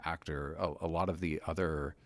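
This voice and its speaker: A man from Pennsylvania, a podcast guest, chiming in with film trivia and quick jokes during a casual chat. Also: extremely low pitch, steady tone, dry recording. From Pennsylvania, USA. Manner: adds facts and quips, laughs often.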